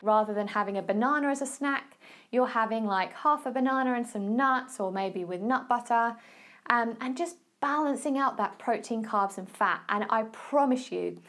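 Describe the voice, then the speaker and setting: Chatty Essex woman giving diet tips. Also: a little high. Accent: Essex English. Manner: chatty and encouraging, checks in with "okay?". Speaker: podcast host and nutrition coach. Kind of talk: casual solo podcast talk.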